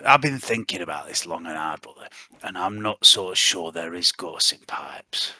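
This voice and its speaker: Man doing a scheming Yorkshire prisoner, low voice, very bright, husky, breathy hush. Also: expressive, normal speed, a little hiss or hum, exaggerated voice. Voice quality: hushed, breathy conspiratorial delivery. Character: scheming male prisoner, calculating older brother. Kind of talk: tabletop role-play in character.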